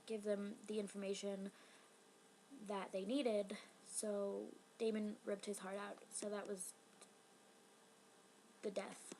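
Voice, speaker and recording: A woman reviewing a TV episode in a casual vlog, rambling and excitable, full of fillers. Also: medium pitch, slight background noise, low-quality recording.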